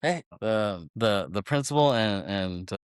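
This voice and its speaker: Guy on a movie podcast, low-ish smooth voice, kinda rambly, retelling scenes and laughing. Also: lively intonation, unhurried, dry recording, studio quality. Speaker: podcast co-host. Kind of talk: casual film chat.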